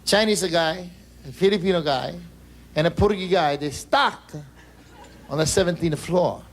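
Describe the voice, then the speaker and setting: A male comedian telling jokes on a live stage into a stage microphone, in a lively, chatty delivery that interrupts itself. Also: fairly high pitch, normal speed. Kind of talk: live stand-up joke telling.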